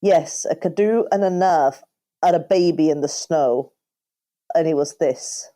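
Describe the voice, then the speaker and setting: A woman's voice: sits low, unhurried, mellow. A woman co-hosting a casual podcast chat, thinking aloud with hesitant, self-correcting phrasing. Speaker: podcast co-host.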